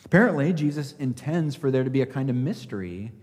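A man's voice: medium pitch, animated, fast, darkish tone. Man, pastor, sermon, emphatic, rhetorical questions, reverberant church hall. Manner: emphatic, asks rhetorical questions, acts out scripture quotes.

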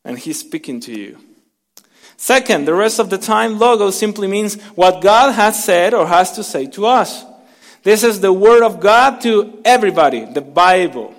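A pastor preaches a sermon from the pulpit in a high, carrying voice that rings through a long hall reverb. Expressive and at normal speed, he shifts between forceful emphasis and soft, near-whispered lines. He also has the congregation repeat words back to him.

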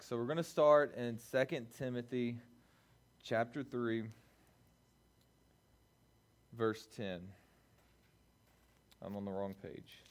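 A man preaching a relaxed, conversational youth-group sermon, often checking in with the listeners and restarting his phrases. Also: medium pitch. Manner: loose phrasing with restarts and fillers. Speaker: youth pastor.

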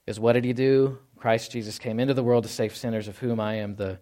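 A middle-aged man from Texas preaching a sermon in a conversational way, often asking "right?" and acting out quoted lines in a low, quiet voice. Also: little pitch movement, quick pace. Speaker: pastor.

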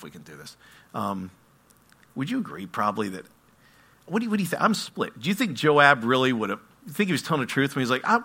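A man preaching a sermon, animated and asking his listeners questions. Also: mid-range voice, breathy edge. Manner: animated, asks the audience questions. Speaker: pastor.

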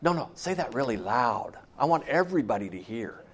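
A gruff traffic court judge presses a defendant in open disbelief, as a preacher puts him on. His voice drops lower and quieter, demanding answers. Middle-aged and stern. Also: big pitch swings, fairly quick. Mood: incredulous.

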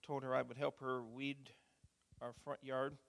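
A middle-aged man preaching as a pastor, chatting in a folksy way before reading scripture in a measured voice. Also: medium pitch, level tone, gravelly. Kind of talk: sermon. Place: church sanctuary. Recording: church hall reverb.

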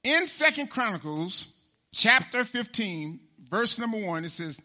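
Hombre predicador, voz aguda y brillante. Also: male voice, sits high, sing-song, sharp tone. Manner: conversational, addresses congregation by name, slows for scripture. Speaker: pastor. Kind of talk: casual preaching sermon.

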